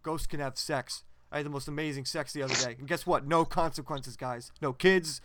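A man's voice: on the high side, fairly even intonation, a little fast, background noise, natural voice. A man doing a rambling self-proclaimed ghost. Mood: oblivious. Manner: rambling, boastful, oblivious. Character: dim man insisting he is a ghost. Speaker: podcast co-host in character.

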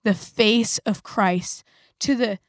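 A woman's voice: mid-range voice, slow, no echo, clean studio sound. A woman co-hosting a church podcast, sharing a personal story in casual chat with many "like"s. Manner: warm storytelling, says "like" often. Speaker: podcast co-host.

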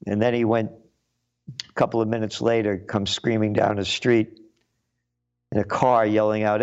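A man's voice: lowish voice, flat delivery, moderate pace, pauses often, darkish tone, clean tone, lo-fi sound. Blunt, combative male commentary host. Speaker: show host. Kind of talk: commentary monologue.

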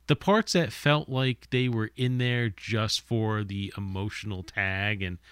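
Guy reviewing movies on a podcast, lowish smooth voice, keeps restarting words. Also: fairly even intonation, a little slow, fairly bright tone, no room sound, clean studio sound. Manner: hesitant, stammering restarts. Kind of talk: casual movie review chat.

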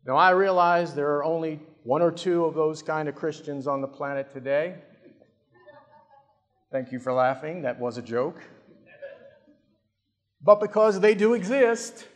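A man preaching a sermon, telling a story in scenes with dramatic swings in loudness and dry jokes. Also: on the high side, a little slow, long pauses. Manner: dramatic, humorous, varies loudness. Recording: long reverb of a large hall.

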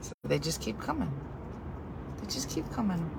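A woman telling a comic story in an animated, exasperated way, with sarcastic asides. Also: medium pitch, moderate pace, creaky, heavy background noise.

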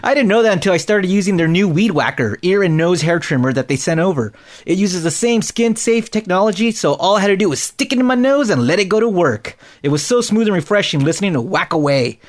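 Playful co-host man with a high voice. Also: animated, fast. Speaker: podcast co-host. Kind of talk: casual podcast chat and ad read.

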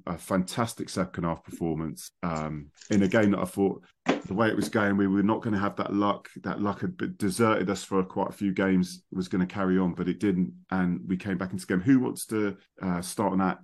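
Middle-aged man, low-ish voice, rambling chatty podcast host. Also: fairly even intonation, normal speed. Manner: chatty, rambling, laughs easily. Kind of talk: casual chat among friends.

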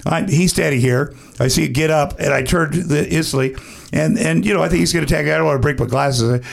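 A middle-aged man, a podcast guest, telling a rambling story in a casual, animated way and acting out the quotes. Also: fairly high pitch, fast, gravelly.

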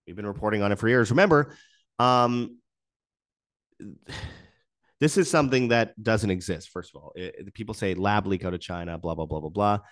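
Guy with a lowish voice ranting through his news commentary, all worked up and indignant. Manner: animated, indignant ranting with restarts.

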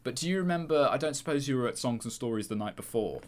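A man, a podcast guest telling an animated story with frequent laughter and swearing. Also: medium pitch, fast, a little hiss or hum. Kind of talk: casual podcast chat.

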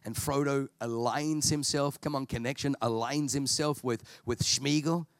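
A man from Australia preaching a sermon at a church service, in an animated storytelling style with humor. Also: mid-range voice, measured pace, dry recording.

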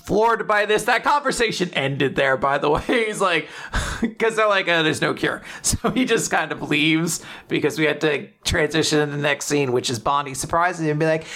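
A man co-hosting a casual chat podcast, recapping a story with lively acted-out quotes and frequent laughter. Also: on the high side, normal speed, hardly any pauses. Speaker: podcast co-host recapping manga.

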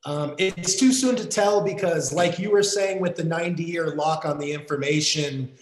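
An American man in casual conversation, talking haltingly with many fillers and restarts. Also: a little high, echoey room, poor audio. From United States.

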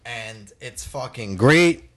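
A man's voice: medium pitch, lively intonation, slow pace, a bit bright. Rambling, profane New man. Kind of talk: casual chat.

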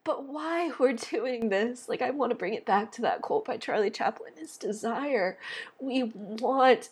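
A woman's voice: fairly high pitch, animated, unhurried, husky. A young woman hosting an astrology podcast, talking in a rambling, tearful way with lots of fillers and restarts. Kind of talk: emotional podcast monologue.

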